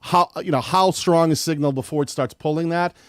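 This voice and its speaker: A man's voice: a little high, fairly quick, no echo, clean studio sound. A man hosting a live-streamed audio tutorial, talking casually and rambling a little, with a slight lisp on his S sounds. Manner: chatty, rambling with restarts. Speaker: host.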